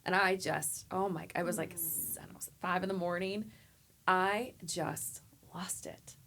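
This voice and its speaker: A woman therapist telling heartfelt stories in a podcast interview, animated and acting out the people she quotes. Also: lowish voice, a little slow, slight background noise. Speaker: therapist guest. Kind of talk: emotional conversational storytelling.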